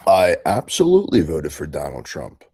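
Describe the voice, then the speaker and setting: A man in his thirties from New York, calling in with a slow put-on drawl and a smug, baiting manner. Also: extremely low pitch, wildly swooping pitch, a little mellow, breathy edge, dry recording, studio quality. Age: 30s. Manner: smug, baiting, repeats himself. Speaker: caller. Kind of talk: trolling call-in.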